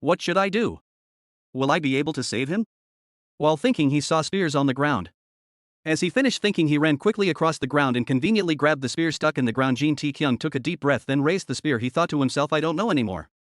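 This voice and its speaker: A man narrating a comic story recap in a rushed, even storytelling manner. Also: fairly high pitch, no room sound, studio quality.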